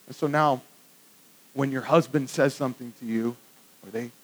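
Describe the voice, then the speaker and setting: A pastor preaching a conversational sermon to a congregation, swinging from hushed, soft remarks to loud, emphatic lines. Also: male voice, mid-range voice, steady tone, moderate pace, low-quality recording. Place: church with congregation.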